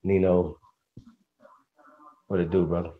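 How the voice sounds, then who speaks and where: A man's voice: sits low, level tone, a little slow. A man hosting a casual livestream, greeting viewers by name in a slangy, upbeat way. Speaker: livestream host. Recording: dull lo-fi stream audio with faint noise.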